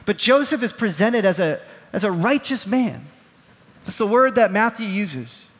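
A man preaching from a stage in a big hall, his voice sitting high for a man. He tells stories earnestly and pokes fun at himself, miked up. The sound trails off in a long reverb. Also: big pitch swings, a little slow, fairly bright tone. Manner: storytelling with acted quotes, earnest and self-deprecating. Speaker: pastor. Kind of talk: sermon. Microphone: wearing a microphone.

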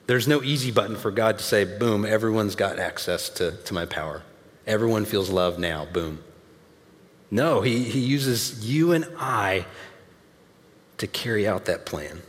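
Casual preacher in a reverberant hall. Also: male voice, medium pitch. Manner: conversational, emphatic, casual asides. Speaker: pastor. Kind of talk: sermon. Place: large church hall with audience.

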